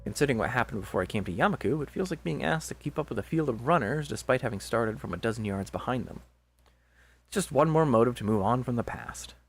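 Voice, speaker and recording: A man's voice: mid-range voice, expressive, fast talker, faint music behind. A man casually reading a visual novel aloud and joking between lines, laughing often.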